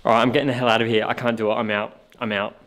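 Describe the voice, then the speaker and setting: A man's voice: mid-range voice, level tone, racing, fairly bright tone. A man investigating a haunted hospital, talking casually and getting easily spooked. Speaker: paranormal investigator. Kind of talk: casual vlog narration. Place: old hospital basement. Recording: echoey room.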